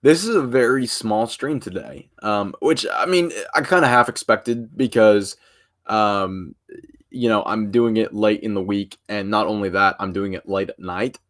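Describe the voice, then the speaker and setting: A tired young man chatting casually on a live stream, rambling in an informal way and trailing off softly at the ends of phrases. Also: lowish voice, a little slow.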